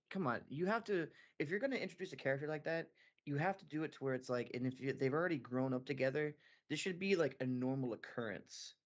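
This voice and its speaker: A man co-hosting a casual anime podcast who thinks through plot points out loud. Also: mid-range voice. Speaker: podcast co-host. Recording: dull lo-fi podcast audio.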